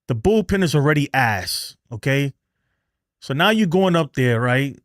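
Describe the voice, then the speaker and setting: A man's voice: mid-range voice, lively intonation, measured pace, no echo. Guy going off on his team on a live stream, dry close mic, mid voice, keeps repeating himself. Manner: angry, exasperated ranting with swearing; repeats himself and restarts, laughs in disbelief. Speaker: livestream host. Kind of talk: live sports rant.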